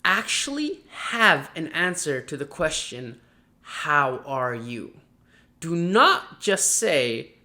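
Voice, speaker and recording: In a direct-to-camera vlog, a marketing coach gives viewers job interview advice with energetic, animated delivery. His voice sits fairly high, and now and then he acts out quick mock dialogues.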